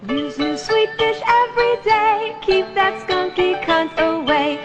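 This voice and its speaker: A woman's voice: very high voice, slow pace, soft background music. A woman singing a crude parody advertising jingle over a ukulele. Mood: sing-song.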